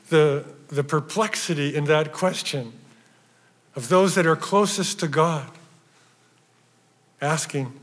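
A man delivers a sermon in a somewhat raised voice, pressing hard on key phrases before falling to a hushed near-whisper. His words ring out with a long reverb, as in a large church hall. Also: fairly high pitch. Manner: emphatic, swings from loud stresses to hushed near-whispers. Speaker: pastor.

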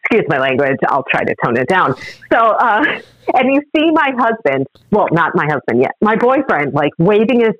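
Female guest, animated storyteller with a very expressive pitch, recorded dry and slightly dull. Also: moderate pace, no room sound. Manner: lively, animated storyteller who acts out the other people's lines. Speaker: podcast guest. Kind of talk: storytelling in a casual interview.

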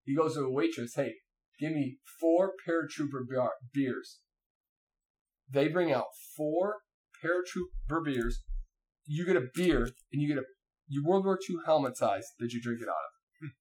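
A man's voice: fairly high pitch, moderate pace. A man in casual chat, telling a long story with lots of fillers and restarts. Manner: rambling, animated, many fillers and restarts.

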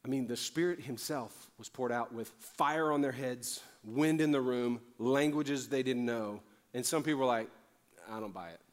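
A man's voice: medium pitch, normal speed, few pauses. A man preaching a sermon as pastor, building with fervor and emphatic repetition. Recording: long hall reverb with faint music.

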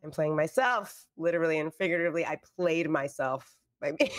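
Woman, hoarse, voice nearly gone, soft low talk, dry sound. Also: fairly quick, dry recording. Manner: soft and low, laughing easily. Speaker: cast member. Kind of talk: casual chat.

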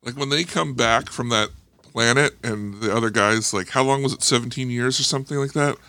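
A man's voice: mid-range voice, brisk, pushed and bright, no echo. A man chatting casually about a movie on a podcast, enthusiastic and full of fillers. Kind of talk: casual movie review chat.

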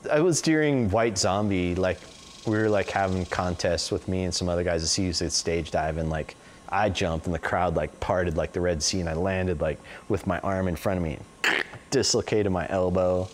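Man, forties, interview guest, casual storytelling, rambling, fairly low voice, faint noise behind. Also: normal speed. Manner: rambling, peppered with "like" and "you know".

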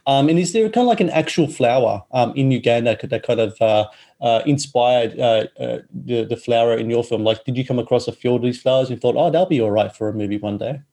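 Guy interviewing a director, mellow voice, lots of ums and uhs. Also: medium pitch, a little fast. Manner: hesitant, many fillers. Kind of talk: casual interview questions.

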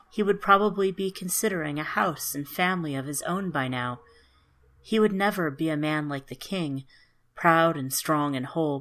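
A woman calmly narrating a fairy tale in an even storybook manner. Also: deep voice.

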